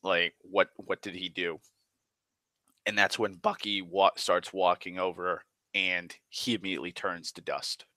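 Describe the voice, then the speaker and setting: Low male voice, bright and dry, rambling profane movie recap with stumbles. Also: unhurried, no room sound. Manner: profane, excitable, rambling with restarts. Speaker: movie vlogger.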